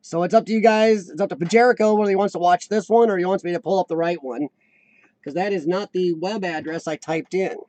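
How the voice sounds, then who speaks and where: Brief: American man hosting a live chat stream, high-pitched, rambling and talkative, dry close mic. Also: quick pace, a little mellow, no echo. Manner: chatty, rambling, reads chat aloud.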